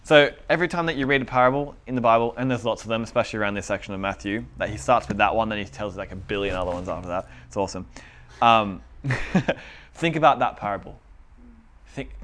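Guy preaching to a small group, chatty and loose, laughs a lot, repeats himself, gets louder when he pushes a point. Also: mid-range voice. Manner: conversational, repeats phrases, laughs often, grows louder when urging. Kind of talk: sermon.

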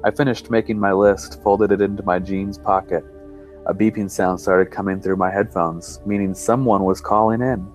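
A low-voiced man narrates a creepy first-person tale at a measured, suspense-building pace. Quiet music runs faintly beneath his voice. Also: fairly even intonation. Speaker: podcast storyteller. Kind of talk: reading a first-person horror story.

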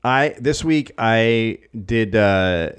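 Wry, deadpan man joking. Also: fairly low pitch, extremely slow, clear, resonant tone. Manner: wry, deadpan jokes, profane. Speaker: podcast co-host. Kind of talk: casual comedic chat.

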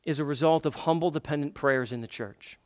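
Speaking fairly quickly and at a fairly high pitch, a pastor delivers his sermon, rising to passionate, forceful climaxes and asking the congregation questions he doesn't expect answered.

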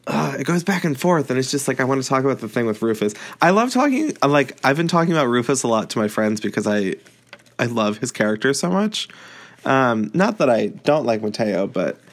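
A man's voice: medium pitch, animated, a little fast. Chatty man rambling about a book. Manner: chatty, rambling, frequent fillers and laughs. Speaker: book reviewer. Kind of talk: casual book chat.

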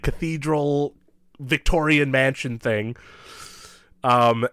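A man with a bright, forceful voice chats casually about films on a podcast. He talks in an animated rush, peppered with "like" and frequent laughter. The recording sounds dry and close. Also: mid-range voice, dry recording. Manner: animated, laughs often, many "like" fillers. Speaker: podcast co-host. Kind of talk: casual movie-review chat.

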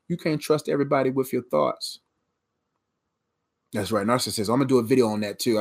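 Woman, motivational faith preaching, emphatic, repetitive, chatty, laughs at own jokes. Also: low-pitched. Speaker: motivational speaker.

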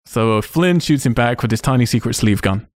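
A man's voice: mid-range voice, expressive, brisk, no room sound, studio quality. A man hosting a casual podcast, retelling a film's scenes with swearing and laughs. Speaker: podcast host. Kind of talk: casual film review chat.

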